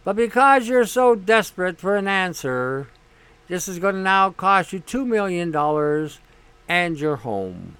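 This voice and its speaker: A man hosts a casual monologue in a high, smooth, clear voice. He talks bluntly, swears freely and leans on sarcasm. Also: sing-song, measured pace, pushed and bright. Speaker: host.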